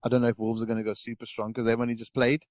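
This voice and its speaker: A man's voice: medium pitch, little pitch movement, rapid-fire, no echo. A man chatting casually as a podcast pundit, rambling with lots of fillers and restarts. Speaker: guest pundit.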